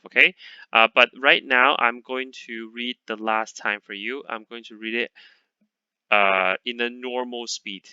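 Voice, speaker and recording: A man teaching a lesson to a class in English, patient and repeating words slowly, checking in with "okay?" often. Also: medium pitch, bright, forceful tone, smooth, dry recording, dull audio. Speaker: Chinese teacher.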